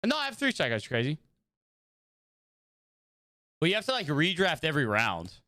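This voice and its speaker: A man's voice: a little high, wildly swooping pitch, normal speed, pushed and bright, dry recording, studio quality. A young man chatting casually with his viewers while streaming a video game, rambling and greeting them by name. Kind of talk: casual livestream chat while gaming.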